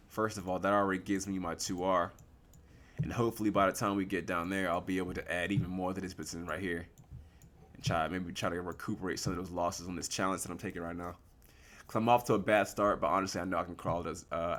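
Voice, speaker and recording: A low-pitched young man gives relaxed, slangy live commentary on his forex trades, asking himself questions and answering them.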